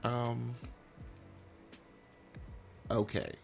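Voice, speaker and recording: A man's voice: medium pitch, big pitch swings, drawn-out words, vocal fry, faint music behind. A man casually commentating his life-sim gameplay, rambling and joking with many fillers. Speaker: let's play host.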